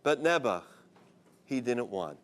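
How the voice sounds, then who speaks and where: A man, a rabbi, telling an inspirational story in an expressive voice, sprinkling in Hebrew terms. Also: medium pitch, slow.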